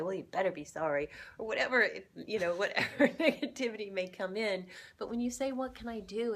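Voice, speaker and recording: A woman co-hosting a relationship tip video, explaining in an upbeat, casual way with fillers and frequent laughs. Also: mid-range voice. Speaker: relationship coach co-host. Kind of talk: casual instructional chat. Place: indoors, home kitchen demonstration.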